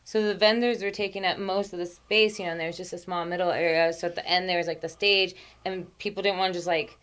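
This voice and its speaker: Chatty, laughing woman host, low voice. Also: fairly even intonation, quick pace, fairly bright tone. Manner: chatty, laughs often, swears casually. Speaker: podcast host and comedian. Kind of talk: casual chat. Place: small studio room.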